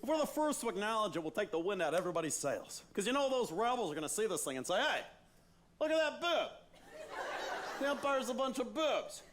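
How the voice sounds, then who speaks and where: A man's voice: high voice, big pitch swings, fast, fairly bright tone, a little hiss or hum. A man playing a goofy, jokey Vader. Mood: eager pitching. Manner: jokey, over-eager, chummy. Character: goofy immature male Darth Vader, eager joker. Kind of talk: comic stage musical acting.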